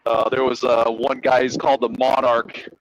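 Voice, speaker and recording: Animated, profane man retelling a cartoon. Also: medium pitch, moderate pace, highs cut off, a little hiss or hum. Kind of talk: casual storytelling chat.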